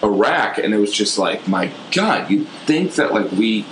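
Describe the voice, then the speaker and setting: An American man, a stand-up comedian, talking in a casual podcast chat, rambling and animated with lively jumps in pitch. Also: moderate pace, reverberant, background noise. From United States.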